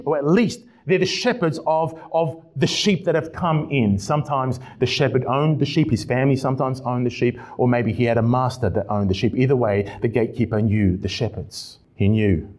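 A man preaching a sermon, swinging from loud emphatic passages to quiet ones, with frequent stumbles and restarts. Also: low-pitched.

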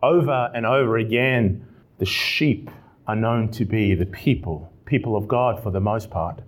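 A man pastor preaching an expository sermon with animated delivery and repeated emphatic phrases. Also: on the low side, a little slow.

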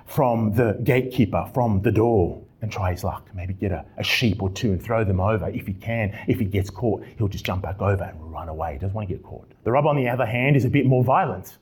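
Guy preaching a sermon, gets loud then drops way down, trips over his words a lot. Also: on the low side, a little fast, few pauses, husky. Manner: animated, swings from loud emphasis to quiet, with stumbles and restarts.

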